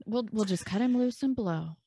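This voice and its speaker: Blunt woman player with vocal fry. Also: medium pitch, normal speed, dark tone. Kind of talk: playing a tabletop game.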